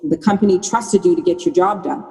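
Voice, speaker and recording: Low-voiced woman sharing her story. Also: a little fast, creaky, warm tone, in a large hall, faint music behind, low-quality recording. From Canada. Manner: candid storytelling, frequent restarts. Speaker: guest. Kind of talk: conversational podcast interview.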